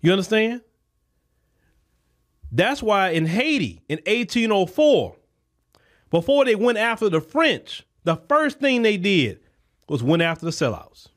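Man, political commentary podcast, impassioned, high voice. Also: very animated, unhurried, pauses often, a bit bright. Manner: impassioned, repetitive, preacher-like cadence. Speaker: podcast host. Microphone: podcast microphone.

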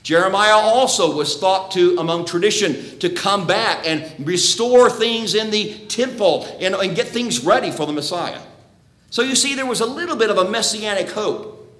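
High-voiced preacher in an echoey church. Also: male voice, lively intonation, moderate pace, fairly bright tone. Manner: earnest, emphatic, rhetorical questions. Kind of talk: sermon. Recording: roomy echo.

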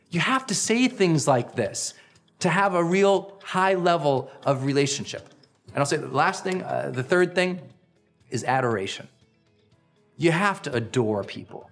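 A middle-aged man hosting a personal growth podcast, giving an energetic, emphatic motivational talk. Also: unhurried, soft background music. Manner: energetic, emphatic, acts out quoted lines with big pitch swings.

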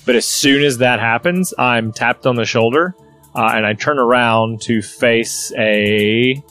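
A man's voice: medium pitch, measured pace, a bit bright, soft background music. A man playing a tabletop role-play game, describing his character's actions hesitantly in first person.

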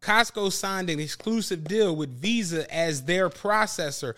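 Animated high-voiced male podcast host. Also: unhurried. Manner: animated storytelling, swears freely, acts out quotes. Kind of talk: casual chat.

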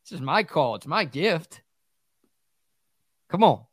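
A man's voice: a little high, very animated, slow, no echo, clean studio sound. A man co-hosting a sports talk show in a laid-back way, reading out listener texts. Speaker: sports radio co-host.

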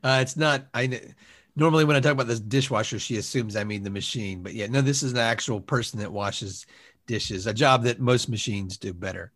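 A man's voice: mid-range voice, brisk, a bit bright. A man improvising a comedy sketch, bossy and laughing as he talks. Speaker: podcast co-host.

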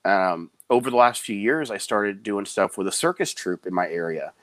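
Man, clown performer, low voice, animated storytelling, dry close sound. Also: no echo. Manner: animated storyteller, does quick high voices for quoted people. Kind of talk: casual interview chat, storytelling.

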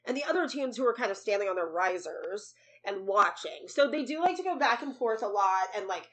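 A young woman co-hosting a casual podcast, jokey and quick to break into laughter. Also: medium pitch, expressive, a bit bright, rough recording. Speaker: podcast co-host. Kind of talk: casual chat.

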